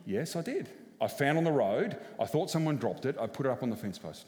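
A man's voice: medium pitch, lively intonation, normal speed, a little mellow. A man, a senior pastor telling a personal story in a frank, conversational way during a sermon. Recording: echoey church hall.

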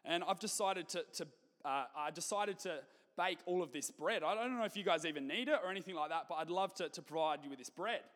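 A man's voice: high-pitched, fast talker, a bit bright, in a large hall. A man voicing a friendly, sleep-deprived male baker with an eager chatty manner, Australian accent.

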